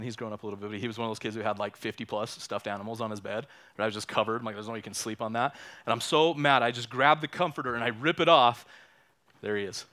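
A man's voice: mid-range voice, sharp tone. A man in his thirties or forties preaching a sermon in a conversational way, often repeating words and asking "right?". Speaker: pastor. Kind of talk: sermon with personal story.

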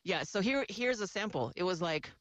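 Lively, laughing woman radio DJ. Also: on the low side, moderate pace, dry recording. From San Francisco Bay Area. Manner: laughs often, mimics voices in stories. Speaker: radio DJ and interviewer. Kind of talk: casual interview chat.

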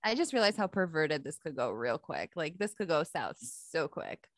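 A woman's voice: low-pitched, sing-song, moderate pace. A young woman co-hosting a casual podcast, bubbly and jokey, easily amused by her own lines. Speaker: podcast co-host. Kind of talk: casual chat.

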